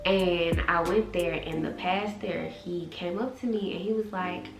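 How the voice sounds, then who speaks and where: A young woman in her twenties chats to the camera about her life, animated and quick to act out what others said. Her voice sits a little low. The room sounds echoey and music plays underneath. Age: 20s. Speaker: vlogger and author. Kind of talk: casual storytelling vlog.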